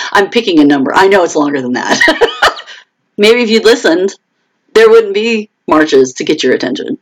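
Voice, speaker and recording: Animated woman chatting live with viewers. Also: medium pitch, poor audio. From United States. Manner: answers viewer comments aloud by name; animated, quotes others in raised voices. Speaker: author hosting a live chat. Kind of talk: casual live-stream chat.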